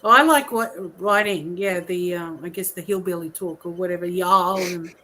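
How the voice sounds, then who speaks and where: A woman's voice: lowish voice, normal speed, sharp tone, a little hiss or hum, low-quality recording. A woman with an Australian accent, a guest author chatting casually on a podcast and laughing easily.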